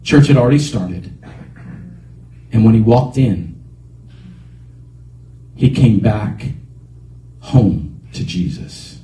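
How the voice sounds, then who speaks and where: A man pastor preaching a sermon in a church, animated, often calling out praise. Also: lowish voice, slow pace, pauses often, roomy sound, distant mic, low-quality recording. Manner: animated, repeats exhortations.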